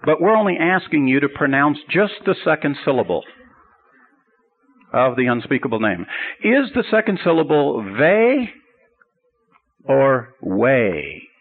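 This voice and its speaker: Eager questioning churchgoers, as a preacher tells a joke. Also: male voice, on the high side, lively intonation, normal speed, phone-quality sound. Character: eager earnest Christian men asking their teacher.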